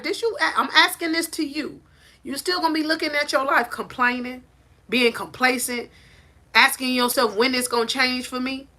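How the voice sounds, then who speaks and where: Woman coach, preachy and emphatic, bright voice, higher pitch, phone mic, porch. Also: moderate pace. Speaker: life coach. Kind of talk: motivational talk to camera. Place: on a porch outdoors. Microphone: phone held in hand.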